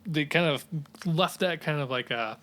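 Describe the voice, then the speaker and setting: A man co-hosting a film podcast, chiming in with quick agreement and short asides in casual chat. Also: a little high, bright, forceful tone. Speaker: podcast co-host. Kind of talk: casual chat about films.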